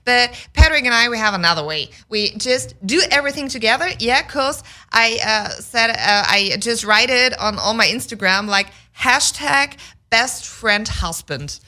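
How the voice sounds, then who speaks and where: A woman from Germany with a German accent, chatting as a radio guest in halting English with many fillers. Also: a little high, expressive, pushed and bright. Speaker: talk show guest. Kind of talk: casual chat.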